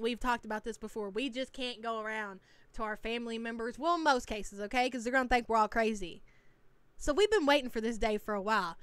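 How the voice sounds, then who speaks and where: Woman streamer, high-ish smooth voice, dry close mic, teasing chatty reactor. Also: a bit bright, no room sound. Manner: chatty, teasing, reads chat names aloud. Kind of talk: casual live-stream reaction.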